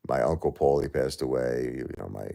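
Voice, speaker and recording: A middle-aged man hosting a livestream, grieving and talking in a raw, repetitive way that swings from anger to hushed disbelief. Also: very deep voice, fairly quick, vocal fry. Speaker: livestream host. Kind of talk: emotional live-stream monologue.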